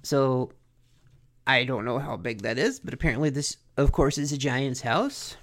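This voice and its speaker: A podcast host recapping a cartoon episode in a joking, animated way. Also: medium pitch, normal speed. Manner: animated, joking, self-questioning.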